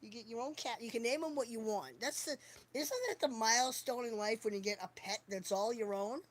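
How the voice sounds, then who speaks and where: A woman's voice: on the high side, a little fast. Rambling, foul-mouthed woman livestreamer. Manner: profane, rambling, jokey. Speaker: live streamer. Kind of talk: casual livestream chat.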